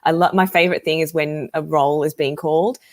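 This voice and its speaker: An easygoing woman talks as a guest over a video call. Her voice sits a little low. She laughs often as she tells her stories. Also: fairly even intonation, fast talker, a little mellow. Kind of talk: casual video-call chat.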